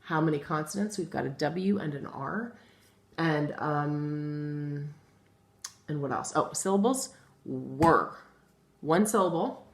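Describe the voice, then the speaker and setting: A woman's voice: deep voice, slow, gravelly, long pauses. A middle-aged woman teaching a phonics lesson to young children, talking to them directly and patiently spelling words out letter by letter. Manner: talks directly to children as guys.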